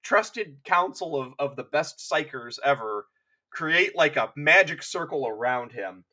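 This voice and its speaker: A man's voice: fairly high pitch, animated, a little slow, bright, forceful tone. A man co-hosting a podcast, retelling lore in rambling, filler-heavy, profane casual chat. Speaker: podcast co-host.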